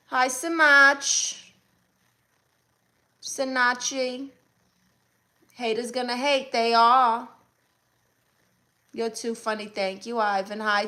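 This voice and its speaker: Brooklyn woman, bright and sassy, live-stream host reading chat. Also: on the high side. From Brooklyn, New York. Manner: sassy, blunt, quick comebacks. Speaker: comedian hosting a live stream.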